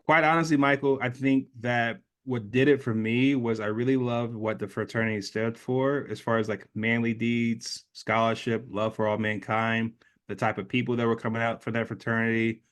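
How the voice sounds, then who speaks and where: This is a man in his late thirties, a guest in an interview. He tells his story in an animated way. He slips into the voices of the people he quotes, and his pitch sits in the middle. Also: moderate pace.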